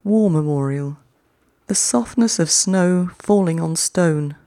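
A poetry-podcast host reads short poems in an unhurried, deliberate way, pausing long between lines. The voice is mellow and of middling pitch. The sound is dry and close, with no room around it. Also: dry recording. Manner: reads each short poem twice with long pauses; chatty, quicker sign-off. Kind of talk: slow, measured poetry reading.

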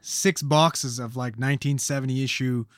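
A man's voice: mid-range voice, fairly even intonation, moderate pace, no room sound, clean studio sound. A man co-hosting a podcast, joking crudely and swearing in casual banter. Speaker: podcast co-host.

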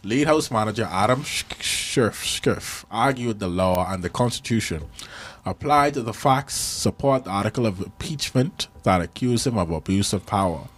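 A man's voice: lowish voice, expressive, normal speed. A young man co-hosting a casual podcast, playful and easily sidetracked. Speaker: podcast co-host. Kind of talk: casual chat.

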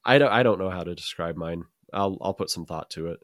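A man's voice: deep voice, a little fast, fairly bright tone, no room sound. A man who grew up in Utah, co-hosting a casual chat show, rambling with repeats and dry jokes. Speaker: podcast co-host.

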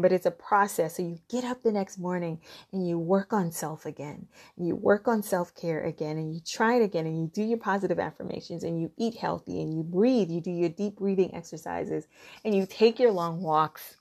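A middle-aged woman with a somewhat low voice shares self-care advice in a heartfelt, earnest way. She encourages her listeners warmly, and she often stumbles and restarts mid-sentence. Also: fairly quick, vocal fry.

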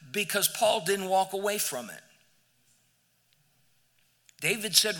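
A male pastor preaching a sermon in a church, emphatic, moving from near-shouts to hushed, quiet passages. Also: sits high, slow, long pauses, big-room sound. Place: church sanctuary.

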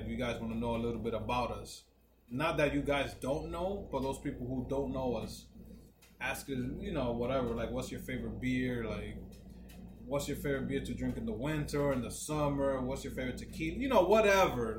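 Animated New man in an echoey room. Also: mid-range voice, a little fast. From New Jersey, United States. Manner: animated storyteller, swears, slips into voices of others. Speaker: podcast co-host. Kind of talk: casual podcast chat. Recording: echoey room with noise behind.

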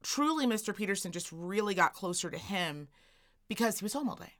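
Talking a little fast in a mid-range voice, a podcast co-host tells an extended story in easygoing chat. She's lively, putting on voices for everyone in it.

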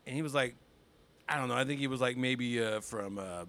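A young man with a medium-pitched voice talks fairly quickly as a comedian guest on a podcast. He tells stories in a casual chat, animated and laughing often as he goes.

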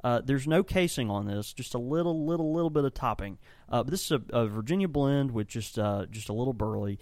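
In a relaxed podcast conversation, a man who runs a tobacco shop and makes blends speaks in a mid-range, slightly mellow voice. His intonation is lively and his pace a little fast as he rambles with enthusiasm and keeps restarting sentences, with no room sound.

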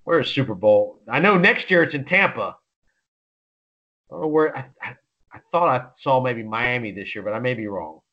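A man co-hosting a sports podcast, chatting casually about picks in an excitable, rambling way with lots of restarts. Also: medium pitch, moderate pace, highs cut off. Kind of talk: casual sports betting chat.

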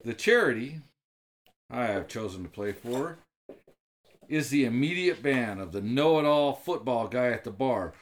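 A man voicing a gruff, short-tempered game show contestant with an accent, grumbling low and breaking into angry rants. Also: animated, measured pace, slight background noise, close to an everyday voice.

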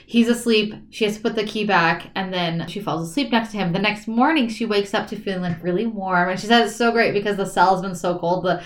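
A woman's voice: mid-range voice, brisk, hardly any pauses. A woman co-hosting a casual book podcast, animatedly retelling a novel's plot and acting out the characters' lines with frequent laughter. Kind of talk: casual book recap chat.

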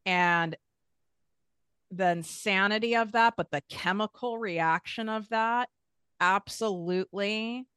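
A woman's voice: medium pitch, slow, fairly bright tone, clear, resonant tone, dry recording, studio quality. A woman guest talking candidly about her own past, frank and emphatic, swearing casually. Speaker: podcast guest. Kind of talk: candid personal conversation.

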